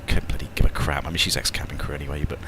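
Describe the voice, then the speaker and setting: This British English–accented man is an airline pilot streaming a flight simulator, casually bantering over voice chat as he runs checklists aloud and swears mildly. His pitch is extremely low and his tone level, he talks very fast with a slightly bright sound, and there's a little hiss or hum.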